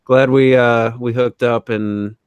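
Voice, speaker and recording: A man's voice: mid-range voice, slow pace, smooth, no echo. A man hosting a podcast, chatting casually and welcoming a guest, with frequent ums and uhs. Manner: relaxed, hesitant with frequent fillers. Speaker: podcast host. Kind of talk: casual chat.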